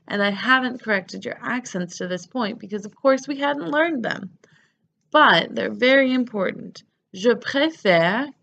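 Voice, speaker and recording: A woman's voice: on the high side, vocal fry, a bit bright, muffled recording. A woman teaching French grammar, patiently spelling out verb endings letter by letter. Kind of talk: grammar lesson.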